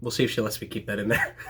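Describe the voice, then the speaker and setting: A man telling a comedic story about himself in an animated, self-mocking way. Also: mid-range voice, brisk, slight background noise.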